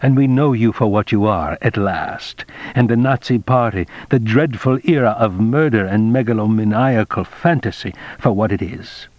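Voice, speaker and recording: A man reading the slow, grave thoughts of a disillusioned German man. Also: fairly low pitch, no room sound, close to an everyday voice. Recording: dull, dry lo-fi audiobook recording.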